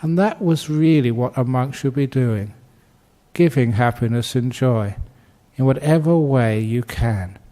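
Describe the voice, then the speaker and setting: A man giving a Buddhist dharma talk, telling stories in a gentle, humorous way and laughing often. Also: medium pitch, unhurried. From Australia. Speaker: Buddhist monk teacher.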